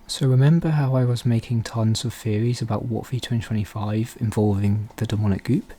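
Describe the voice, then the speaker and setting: A man hosting a fan theory channel, talking quietly and softly through a scripted commentary. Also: lowish voice, fairly even intonation, a little fast. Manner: quiet, hushed, soft-spoken delivery.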